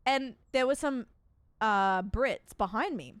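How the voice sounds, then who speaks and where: A woman from Australia with a soft Australian accent, chatting casually with her viewers while streaming a game. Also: a little high, slow pace, dry recording. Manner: chatty storyteller, talks to her chat by name. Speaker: livestreamer.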